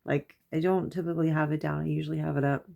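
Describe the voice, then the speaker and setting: A woman in her thirties with a notably low voice, chatting at home in a loose, rambling vlog. She laughs often and gets lively when she quotes herself. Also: fast talker, vocal fry, lo-fi sound. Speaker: mother and vlogger. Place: at home before bed.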